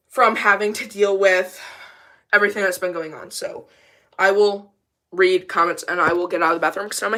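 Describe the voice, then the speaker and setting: A woman's voice: mid-range voice, bright, forceful tone. A woman with a service dog ranting casually and defiantly on a livestream from her bathroom, rambling and emphatic.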